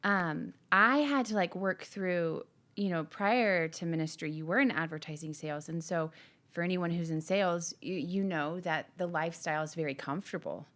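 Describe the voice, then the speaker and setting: A woman's voice: fairly low pitch, moderate pace. A middle-aged woman, a pastor's wife co-hosting a podcast, talking openly and animatedly with her husband. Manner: open, animated, laughs easily. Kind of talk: casual conversation with her husband.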